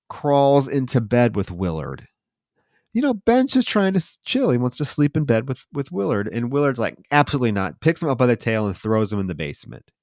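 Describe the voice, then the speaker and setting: A man co-hosting a podcast, retelling movie scenes in an animated, casual way and swearing freely. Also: medium pitch, no room sound, clean studio sound. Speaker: podcast co-host.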